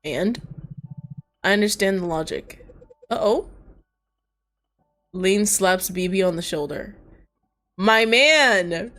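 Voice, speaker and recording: A woman streamer reading a story game aloud and reacting to it, swearing casually and breaking into loud laughs. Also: on the low side, takes it slowly, long pauses, faint music behind.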